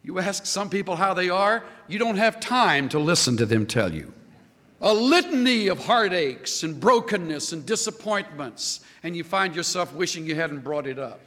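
A man preaching a sermon, animated, building up to a joke story. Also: high-pitched, normal speed, long reverb tail. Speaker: pastor.

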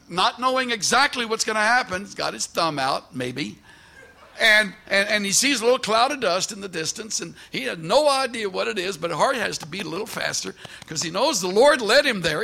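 A man preaching a sermon, telling stories in lively fashion and acting out the people he quotes. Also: high voice, gravelly. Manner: animated storytelling with quoted voices and restarts; preaches from a scripture passage. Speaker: pastor.

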